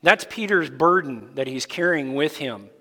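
A man preaching a sermon as pastor, explaining scripture in a deliberate, emphatic way. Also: a little high, animated, sharp tone. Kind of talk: expository sermon. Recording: long reverb in a large hall.

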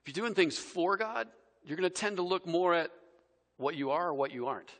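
A man preaching a casual, conversational sermon, swinging between loud emphasis and quiet, soft passages. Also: high-pitched, fairly quick. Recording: long reverb of a large hall.

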